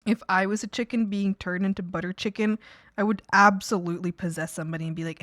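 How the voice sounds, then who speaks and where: A woman's voice: medium pitch, steady tone, quick pace, fairly bright tone, dry recording, studio quality. A woman streamer in casual livestream chat, talking in a playful, rambling, goofy way.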